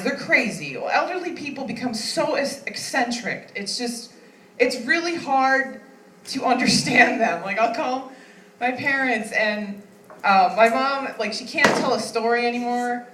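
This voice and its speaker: A woman's voice: fairly high pitch, pushed and bright, a little hiss or hum. A woman in her thirties doing stand-up comedy, chatty and self-mocking, laughing often. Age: 30s. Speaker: stand-up comic. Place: comedy club stage. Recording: echoey room, mic at a distance.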